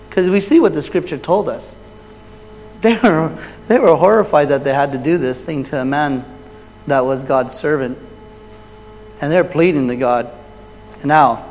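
A man preaching a sermon and retelling a Bible story. He swings between loud, raised quoted lines and quiet, low asides. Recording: long hall reverb.

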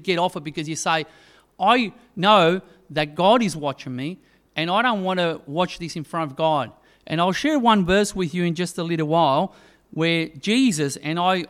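A man delivers a sermon in a fairly high, smooth voice. He tells a story in a relaxed, hesitant way, with plenty of ums and restarts before he reaches his point. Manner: storytelling, hesitant with many fillers. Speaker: preacher.

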